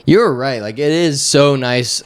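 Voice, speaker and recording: A man's voice: mid-range voice, measured pace, smooth. A man co-hosting a podcast in casual chat, playful and wry, often laughing. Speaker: podcast co-host.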